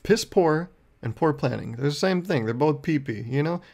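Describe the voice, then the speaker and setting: A man's voice: a little high, animated, moderate pace, vocal fry, a little mellow. A young man hosting his own podcast, telling a rambling, profane story in a casual monologue. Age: young adult. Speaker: podcast host.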